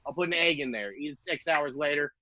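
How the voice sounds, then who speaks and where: A man's voice: on the high side, quick pace, bright, forceful tone, dull audio, a little hiss or hum. A man in his thirties doing a rambling, self-mocking stand-up set over a video call, laughing at his own jokes. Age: 30s. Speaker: stand-up comic.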